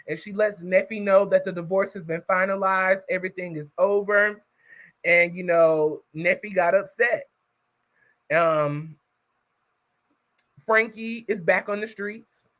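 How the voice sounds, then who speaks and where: A man's voice: high voice, a bit bright, low-quality recording. A man casually recapping a story for his viewers, chatty and talking straight to the audience. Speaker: YouTube reviewer.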